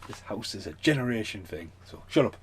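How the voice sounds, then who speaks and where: A man's voice: on the low side, big pitch swings, fairly quick, a little hiss or hum. A man ranting casually as a film reviewer, chatty and loose, swearing freely, a little tipsy. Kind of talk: casual rambling rant.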